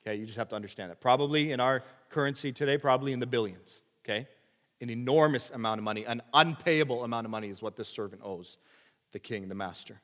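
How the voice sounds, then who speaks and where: A man preaching a sermon, moving from hushed asides to loud, emphatic passages. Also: mid-range voice, fast talker, in a large hall. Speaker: pastor.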